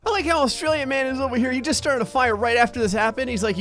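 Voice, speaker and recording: A man's voice: very high-pitched, lively intonation, rapid-fire, few pauses, fairly bright tone, faint music behind. A man narrating a life-simulation playthrough in casual, wry commentary with sudden jumps upward when he laughs. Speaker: gameplay commentator. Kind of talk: casual let's-play commentary.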